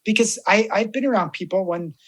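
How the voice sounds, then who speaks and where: A man's voice: sits high, brisk. A man, a death doula, chatting casually as a guest and acting out the voices of people he quotes. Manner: animated storyteller, acts out quoted voices. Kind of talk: casual podcast chat.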